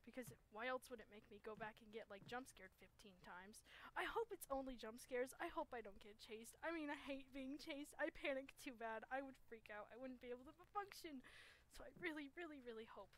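A woman's voice: sits high, a little fast, poor audio. A woman playing a horror game at home, nervous and jumpy, talking through her fear with shaky laughs. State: shaking, frightened. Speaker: gamer. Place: home gaming setup.

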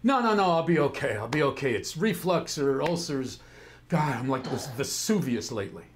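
A man's voice: medium pitch, expressive, normal speed, a crowd in the background, lightly acted. A man playing a weary, cynical older senator and father, grumbling with sardonic exasperation in a stage play. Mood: defensive. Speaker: actor in a play.

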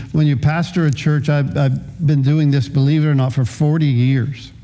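A man's voice: a little high, dark tone. A man in his sixties preaching a sermon as a pastor, often repeating words as he starts a phrase.

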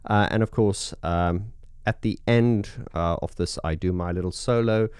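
Speaking at a measured pace, a keyboard player with a deep, darkish, resonant early morning voice gives a casual, enthusiastic demo of his setup, rambling with many fillers. The clear recording is clean studio sound without echo.

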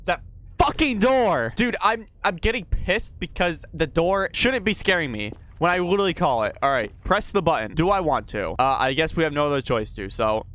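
A man's voice: on the high side, lively intonation, normal speed, a bit bright. Jumpy, swearing young man. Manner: profane, jumpy, talks to himself while playing. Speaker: gaming YouTuber. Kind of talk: horror game commentary.

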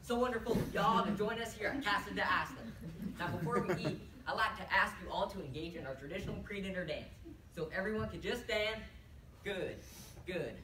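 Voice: medium pitch, brisk, natural voice. A performer voicing a pompous restaurant host with a Southern accent who fakes foreign airs, grandiose and commanding. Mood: grand. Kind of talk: competitive humorous interpretation. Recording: roomy, distant, noisy tournament room.

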